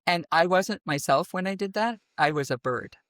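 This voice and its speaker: Deep-voiced Midwestern woman, dry sound. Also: moderate pace, no echo. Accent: American Midwestern. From middle of the United States. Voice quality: naturally deep voice. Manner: expressive, animated storytelling with sudden vocal demonstrations. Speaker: guest, voice teacher. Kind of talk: conversational interview.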